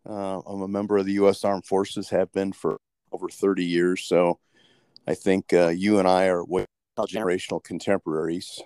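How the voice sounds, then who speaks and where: A middle-aged man from Colorado records a casual voice message. His voice is low and deep. The sound is dry and close, and his talk is halting. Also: flat delivery, a little mellow, smooth, no echo. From Colorado, United States. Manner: halting, with fillers and restarts. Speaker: listener leaving a voice message.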